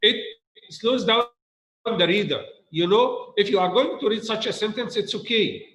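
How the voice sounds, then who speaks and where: A man teaches a grammar point to students, repeating himself and asking whether it is clear. His voice sits high for a man, and it rings around a reverberant room. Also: moderate pace, a bit bright. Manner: repeats points, asks students rhetorical questions. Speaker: English teacher. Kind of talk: recorded grammar lesson.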